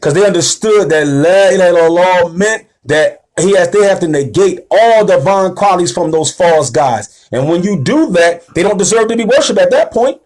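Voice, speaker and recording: A man's voice: high-pitched, animated, moderate pace, few pauses. A man giving a sermon-style religious lecture, emphatic and slangy, often checking in with his listeners. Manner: rousing, rising and louder at the call to action. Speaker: religious teacher.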